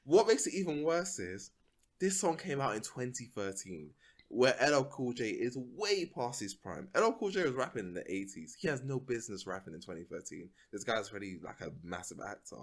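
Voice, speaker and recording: A man's voice: medium pitch, very animated, brisk. A man co-hosting a podcast, chatting casually with laughing disbelief. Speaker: podcast co-host. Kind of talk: casual chat.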